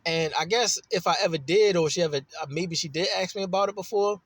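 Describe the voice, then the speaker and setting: A Baltimore man with a high, husky voice rambles through a story, swearing freely and getting animated as he goes. The sound is dry and close, with no room around it. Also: brisk, no echo. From Baltimore, USA. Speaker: vlogger telling a personal story. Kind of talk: casual storytelling monologue.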